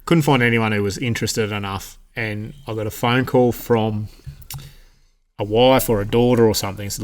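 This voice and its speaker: A man's voice: lowish voice, fairly even intonation, moderate pace. A man with an Australian accent, a mechanic co-hosting a podcast, telling a rambling, sweary story in a workshop. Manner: rambling, sweary, self-interrupting. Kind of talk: casual storytelling chat.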